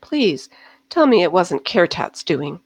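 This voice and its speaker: A woman's voice: on the low side, very animated, slow, no echo, heavily acted. A woman voicing a chatty noblewoman who clucks and gossips eagerly.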